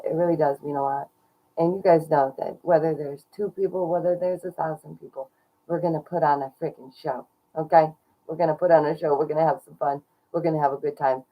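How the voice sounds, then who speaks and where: A woman's voice: deep voice, dark tone, poor audio. A woman streamer chatting casually and gushing thanks to her viewers, laughing often. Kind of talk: casual live stream chat.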